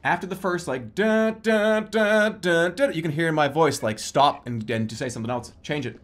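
A man streaming a game, excitable and profane, often laughing and yelping into a desk microphone. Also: on the high side, fairly quick. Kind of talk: gaming livestream commentary.

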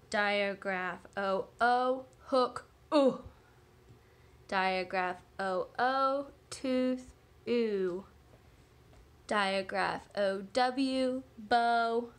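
Slow, higher-voiced woman teaching phonics. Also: fairly bright tone. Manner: slow, deliberate sound-by-sound drilling. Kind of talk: phonics lesson.

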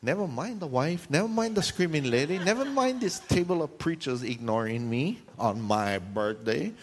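A man preaching a sermon, telling a funny story and jumping into high squealing voices for the people in it. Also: normal speed. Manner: animated, jumps into high squealing voices for the people in his stories.

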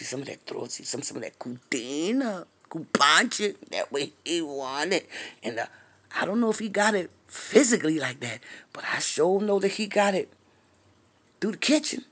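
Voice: medium pitch, expressive, normal speed, vocal fry, fairly bright tone, slightly rough. Brief: sassy gossip vlogger, drawling and playful, speaks straight to the viewers, sometimes whispers the juicy parts. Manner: sassy, drawling, addresses viewers as y'all, honey and baby; drops to a whisper for racy gossip. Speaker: vlogger reacting to a reality show.

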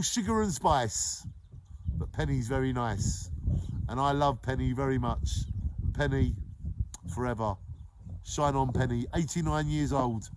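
A man, hosting a daily live show and warmly giving repeated shout-outs to viewers by name. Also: fairly high pitch, a little hiss or hum, poor audio. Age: 40s. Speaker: live-stream host.

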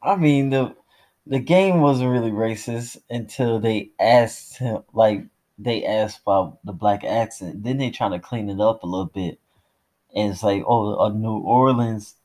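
A man co-hosting a casual movie review podcast, blunt and slangy, recording at home in the dark during a power cut. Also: fairly low pitch, unhurried. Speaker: podcast co-host.

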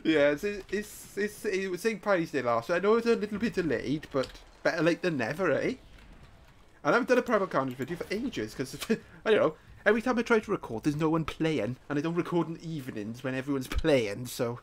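Excitable young gaming host, higher voice. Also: male voice, a little fast. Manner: upbeat, giggly and excitable. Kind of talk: gameplay commentary.

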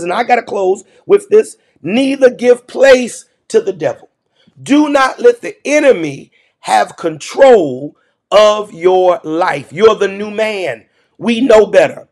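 A man's voice: sits high, lively intonation, measured pace, a little mellow. A male pastor preaching a morning prayer sermon, emphatic and repeating key phrases for stress. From United States.

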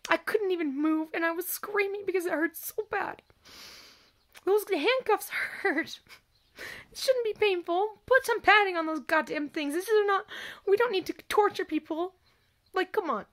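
A young woman vlogger telling a personal story in a distressed, emphatic monologue, her voice swinging between raised cries and low, quiet passages. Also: normal speed.

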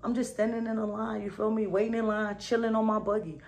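A woman's voice: medium pitch, flat delivery, quick pace, darkish tone. Upbeat slangy woman vlogger. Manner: slangy and upbeat, keeps saying "you feel me". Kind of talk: casual motivational talk to camera.

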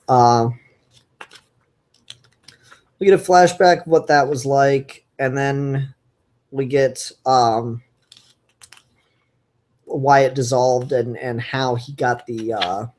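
Slow, rambling comic book reviewer. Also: mid-range voice, fairly even intonation, darkish tone. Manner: enthusiastic, rambling, frequent fillers and restarts. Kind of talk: casual solo review podcast.

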